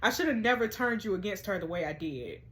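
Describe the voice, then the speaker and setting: A woman voicing a regretful middle-aged father who speaks gently and apologetically, reading game dialogue aloud in a soft, low, subdued way. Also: animated, fast, close to an everyday voice. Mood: remorseful.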